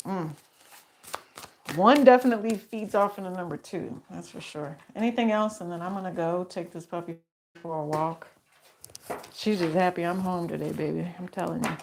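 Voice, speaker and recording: Chatty middle-aged woman reading tarot, loose and rambling, quick to laugh. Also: mid-range voice, slight background noise. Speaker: tarot reader. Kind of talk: casual tarot reading chat.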